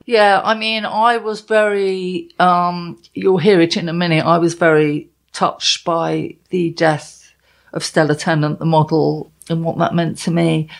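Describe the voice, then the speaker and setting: A woman co-hosting a podcast in relaxed chat, mixing jokes with serious moments. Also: lowish voice, measured pace, vocal fry. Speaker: podcast co-host. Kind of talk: casual chat.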